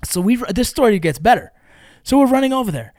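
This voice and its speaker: A man telling a long story in casual chat, animated and full of swearing. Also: very high voice, fast talker, dry recording, studio quality.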